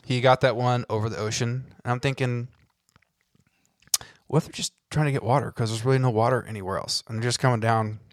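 A man hosting a casual podcast, teasing his guest and swearing casually, excitable about theories. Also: medium pitch, fairly quick, no echo, studio quality. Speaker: podcast host. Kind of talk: casual chat.

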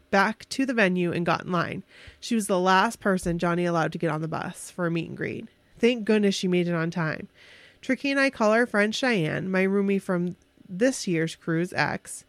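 A woman casually telling an excited, emotional story on a podcast, with restarts and quick bursts. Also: mid-range voice, no echo.

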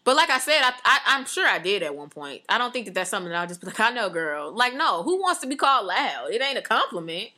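A woman in casual, animated chat, trailing off and restarting as she talks. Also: on the high side, fast, few pauses.

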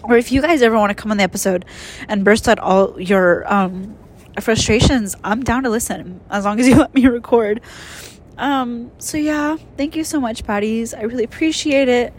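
A woman's voice: fairly high pitch, moderate pace, a little hiss or hum. A young woman hosting a casual solo podcast, tearful and emotional, rambling with many fillers. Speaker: podcast host.

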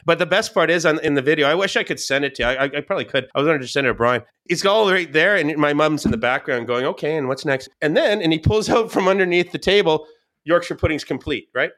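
Animated man telling family stories. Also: a little high, fast talker, hardly any pauses. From Scottish and English family. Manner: animated, quotes people in raised voices, many restarts. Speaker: podcast guest. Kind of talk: casual storytelling.

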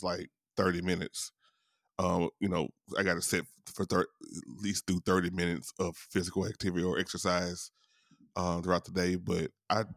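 A man's voice: sits low, vocal fry, fairly bright tone, no echo, clean studio sound. A young adult man hosting a podcast, chatting casually, laughing often and swearing freely as he tells stories. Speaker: podcast host. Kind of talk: casual chat.

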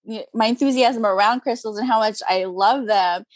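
A woman's voice: on the high side, moderate pace, no room sound. Chatty woman with a dry, close sound. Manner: chatty, upbeat, lots of "like" and "you know" fillers, frequent laughs. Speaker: guest, crystal seller. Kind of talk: casual interview chat.

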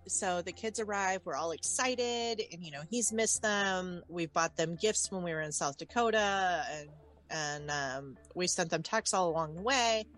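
A woman's voice: on the low side, measured pace, few pauses, fairly bright tone, soft background music. A woman telling a personal story as an interview guest, candid and wry, with many fillers.

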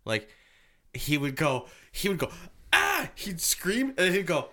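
A man in casual chat, telling animated stories about scaring guests in a haunted house, with sudden yelps and laughs. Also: a little high, a little slow. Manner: animated, loud yelps when acting out scares, laughing often. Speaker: haunted house scare actor.

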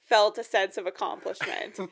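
A woman co-hosting a podcast in casual chat, lively and quick to laugh, acting out quotes as she tells stories. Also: medium pitch. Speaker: podcast co-host.

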